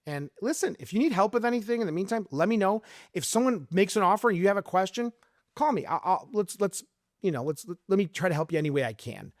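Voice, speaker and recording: Middle-aged man from Arizona, quick talker, animated realtor, dry close-mic sound. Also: sits high, no room sound. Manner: animated storyteller, acts out sales calls in lively voices. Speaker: realtor guest. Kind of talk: casual podcast interview.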